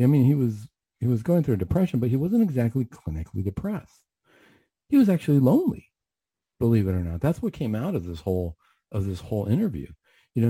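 Male clinician storyteller: low pitched, husky, reflective and earnest, restarts a lot. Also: mellow, no room sound. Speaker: mental health clinician. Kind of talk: radio storytelling.

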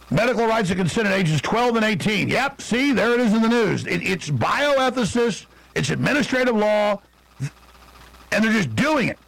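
Gravelly, indignant male radio host. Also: high-pitched, lively intonation, a bit bright, no echo, low-quality recording. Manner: rambling, indignant, fast asides. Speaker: radio talk show host. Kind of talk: impassioned political monologue.

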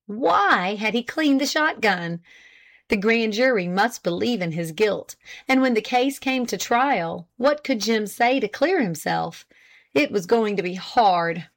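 A woman narrating a period novel in a measured, even storytelling voice. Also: medium pitch. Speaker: audiobook narrator. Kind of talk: scripted narration.

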